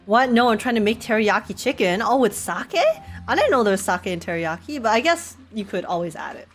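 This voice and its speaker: A woman's voice: mid-range voice, expressive, brisk, faint music behind. A young woman from Canada chatting and laughing often while live-streaming a game. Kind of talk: live gameplay chat.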